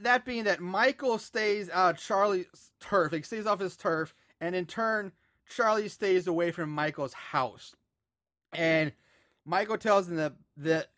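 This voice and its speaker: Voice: medium pitch, fairly bright tone, dry recording, studio quality. A podcast host recapping a movie's plot with sarcastic asides and frequent laughter. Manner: storytelling, sarcastic, laughs often. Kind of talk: casual movie recap narration.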